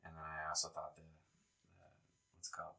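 A man co-hosting a podcast, talking in a relaxed, rambling way. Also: extremely low pitch, moderate pace, gravelly, poor audio. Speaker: podcast co-host. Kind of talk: casual chat.

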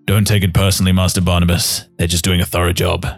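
A man voicing a proud male dwarf master smith who speaks formally, with a lowish voice. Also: flat delivery, vocal fry, soft background music. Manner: formal, measured bargaining.

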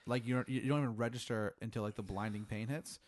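A man running an improvised comedic story as game master, with halting, restart-filled narration. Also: medium pitch, fairly even intonation.

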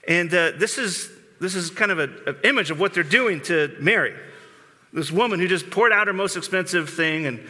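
Male pastor, conversational sermon, high voice, forceful bright tone, long hall reverb. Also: animated, normal speed. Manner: earnest, informal, restarts and repeats words.

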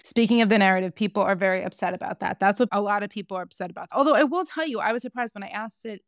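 A woman co-hosting a podcast, chatting in a casual and animated way and swearing freely as she recaps reality TV. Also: mid-range voice, racing, no echo, studio quality. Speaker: podcast co-host.

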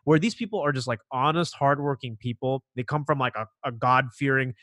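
Animated young man in dry close sound. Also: mid-range voice, a little fast, dry recording. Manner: animated, emphatic, repeats words when excited. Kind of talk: casual podcast chat.

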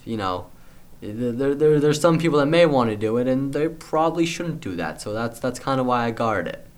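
A man's voice: medium pitch, animated, a little fast, lightly acted. A man voicing a laid-back male cobra that guards a lever, talking in an offhand, rambling way with fillers. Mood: explaining.

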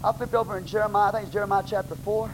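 A man with a Texan accent, preaching a sermon as pastor in a blunt, plain-spoken way, bursting into shouts. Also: high-pitched, steady tone, rapid-fire. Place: church sanctuary. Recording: noisy live church recording.

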